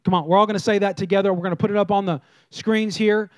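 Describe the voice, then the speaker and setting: A man preaches from the pulpit in a notably high voice. He drives hard on key phrases, then sinks into hushed, low asides, and has the congregation repeat lines back to him. The sound is dry and close. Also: steady tone, fast talker, no echo. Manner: dynamic preaching, swings from loud emphasis to hushed low tones; leads congregation in call-and-response. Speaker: pastor. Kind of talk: sermon. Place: church.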